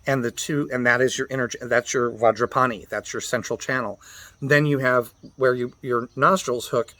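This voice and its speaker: A man's voice: medium pitch, steady tone, bright, forceful tone, no echo. Man patiently teaching mantra chanting. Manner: patient explainer, spells out pronunciations and chants the syllables slowly. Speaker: meditation teacher.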